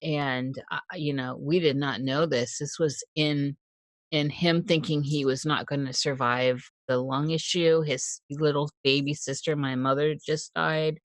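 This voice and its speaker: The host of an interview show, answering the guest with quick affirmations and sharing a family story in casual conversation. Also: medium pitch, fairly even intonation, no echo. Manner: responsive listener, quick affirmations and frequent laughter. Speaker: podcast host.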